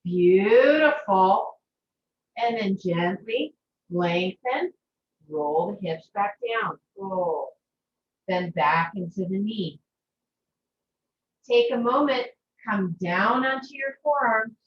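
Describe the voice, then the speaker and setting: A woman guides a yoga class over a video call with slow, gentle, soothing instructions. She sounds distant from the mic in an echoey room, and the audio is muffled with faint background noise. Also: medium pitch, lively intonation.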